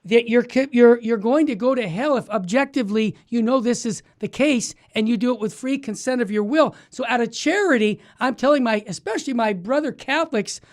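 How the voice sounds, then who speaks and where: A man hosting a talk radio show, emphatic and exhorting, with quick restarts. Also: very high voice. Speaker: radio host.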